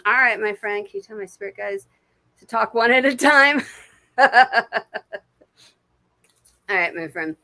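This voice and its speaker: A woman's voice: on the high side, expressive, measured pace, long pauses, pushed and bright. Sweary, chatty woman doing psychic readings. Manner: chatty, laughing, swears freely. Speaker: intuitive reader. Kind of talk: casual livestream psychic reading. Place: home, on a couch.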